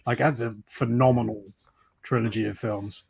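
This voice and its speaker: A man on a video call, telling a story in an animated way on a geek news panel. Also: mid-range voice, normal speed, vocal fry, crowd noise. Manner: animated, laughs while telling stories. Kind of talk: casual chat.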